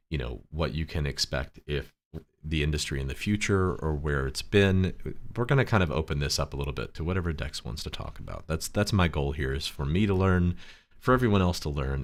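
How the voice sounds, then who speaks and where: Sleepy man host, very low gravelly voice, loose rambling delivery. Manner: relaxed, rambling, laughs often. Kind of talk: casual livestream chat. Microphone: desktop microphone.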